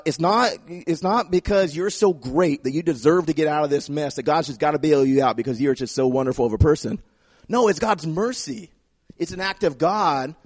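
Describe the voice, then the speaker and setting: A man preaching a sermon in an animated way, repeating phrases for emphasis and acting out the voices he quotes. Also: high voice, no room sound, clean studio sound. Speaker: pastor.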